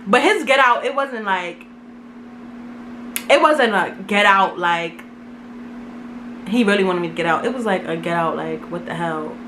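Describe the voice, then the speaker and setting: A young woman vlogger telling a casual storytime, animated and dramatic, full of slang. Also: medium pitch, measured pace, long pauses, a little hiss or hum.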